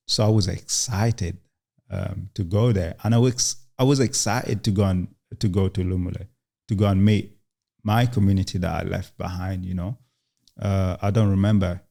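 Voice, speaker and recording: A young man from Uganda, a guest in an interview, telling his story in a halting way with many restarts and quoted lines. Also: low voice, vocal fry, mellow. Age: young adult.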